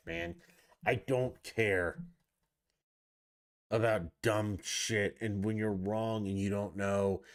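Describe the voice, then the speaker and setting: Low-voiced man ranting on a podcast. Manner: ranting, profane, exasperated. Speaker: podcast host. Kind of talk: solo sports rant podcast.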